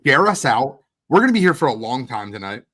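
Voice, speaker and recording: A man hosting a livestream draft watch party, hyped and talking quickly, shouting out guests and asking viewers to share. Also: mid-range voice, big pitch swings. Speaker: host. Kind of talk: energetic livestream chat.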